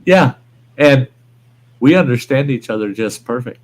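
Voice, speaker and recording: A man's voice: mid-range voice, lively intonation, unhurried, darkish tone. A man hosting a livestream, chatting casually, rambling and reading viewer comments aloud. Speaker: livestream host. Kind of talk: casual chat.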